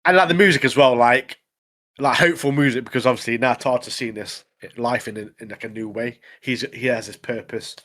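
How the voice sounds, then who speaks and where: Male co-host, everyday middle-pitched voice, rambling casual recap. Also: a little fast, fairly bright tone. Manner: rambling recap, many fillers like obviously and mate. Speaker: podcast co-host. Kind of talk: casual chat.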